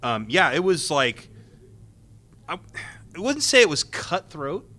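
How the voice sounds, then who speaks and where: Bright-voiced man telling panel stories. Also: a little high, very animated. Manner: rambling, with many restarts and quick laughs. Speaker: former game tester on a panel. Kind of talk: convention panel talk.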